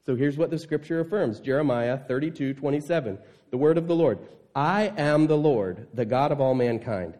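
A man's voice: medium pitch, moderate pace, darkish tone. A male pastor preaching a sermon in an emphatic, conversational way, often asking the congregation rhetorical questions.

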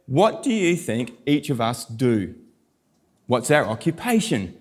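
A middle-aged pastor, preaching a sermon and telling stories with animated quoted voices. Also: male voice, medium pitch, measured pace, husky.

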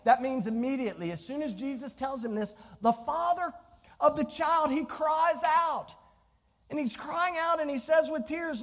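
A male pastor preaching in a church sanctuary, his voice sitting unusually high for a man. He calls out questions to the congregation as he retells the scripture story. The sound rings with a long reverb from the hall. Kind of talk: sermon.

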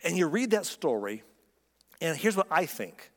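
A male pastor delivering a sermon in a casual, emphatic style, often asking rhetorical questions. His voice sits a little high for a man. The sound carries a long reverb from a large church hall. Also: sing-song, a little slow.

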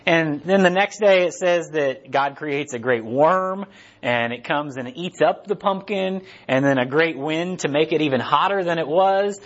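A man's voice: on the high side, unhurried, highs cut off. Casual male Bible study teacher. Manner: conversational, loose slang, retells scripture casually.

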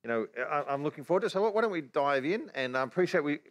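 Quick-talking Australian man pastor. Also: on the high side, expressive. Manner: quick-talking, restarts often. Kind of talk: casual church teaching chat.

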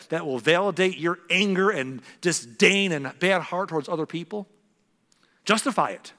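A man preaching a sermon as a pastor, earnest and storytelling, dropping to hushed tones for emphasis. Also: high voice, expressive, moderate pace. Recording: long reverb in a large hall.

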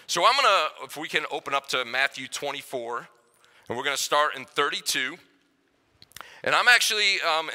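A young man preaching a sermon in a casual, enthusiastic way, swinging between loud emphasis and hushed moments. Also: fairly high pitch. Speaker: pastor. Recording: hall reverb.

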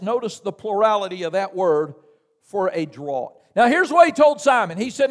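A Southern American man preaches in a voice pitched unusually high, swinging between easy storytelling and near-shouted emphasis. He keeps calling the congregation to answer him. His voice rings through a church with a long, lingering reverb. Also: sing-song, moderate pace. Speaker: missionary preacher. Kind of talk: sermon. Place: church sanctuary.

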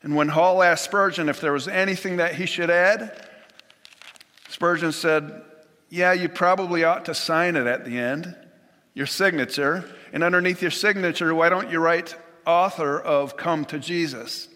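A man delivers a sermon with an earnest, measured cadence, pausing and restarting now and then as he quotes scripture. His voice sits a touch high and rings bright and forceful. Long reverb from a large church hall trails each phrase. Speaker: pastor.

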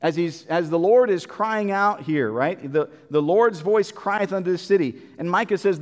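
A man's voice: high voice, normal speed, few pauses, long reverb tail. A man preaching a Bible sermon in an earnest, repetitive way, with many fillers and restarts.

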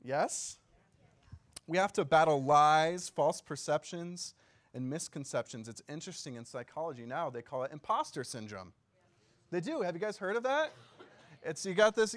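A pastor gives a relaxed, conversational sermon. His man's voice sits a touch higher than most, and he keeps checking in with the room through quick questions and easy laughs. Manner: laughs easily and jokes. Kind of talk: casual sermon teaching.

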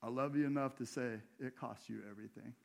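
A man's voice: mid-range voice, steady tone, quick pace, gravelly. A man preaching a sermon in a church, in a conversational way, putting questions to the congregation. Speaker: pastor.

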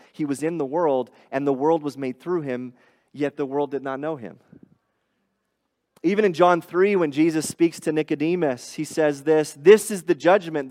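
A man's voice: mid-range voice, long reverb tail. A man preaching a sermon as pastor, earnest and explanatory, often restarting phrases and rising on emphatic points.

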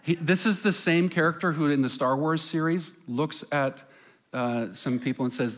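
A man preaching a sermon as pastor on a church stage, conversational, asking the congregation questions and pausing for effect. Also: on the high side, a bit bright. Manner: conversational, asks the congregation questions, dramatic pauses.

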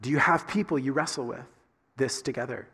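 A man's voice: mid-range voice, brisk, bright, forceful tone, slightly rough, long reverb tail. A man from the Southern United States with a Southern accent, preaching a sermon in a conversational way full of rhetorical questions. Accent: Southern American. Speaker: pastor.

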